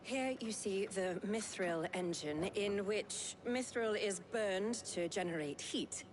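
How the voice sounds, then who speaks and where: A woman's voice: mid-range voice, expressive, slow pace, a little hiss or hum. An actress voicing an earnest young female engineer in a video game who explains technical detail at length. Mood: eager explaining. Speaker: game character.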